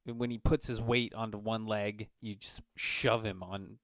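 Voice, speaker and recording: A man's voice: lowish voice, a little slow, dry recording, studio quality. A man narrating as game master. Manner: relaxed, with restarts and chuckles.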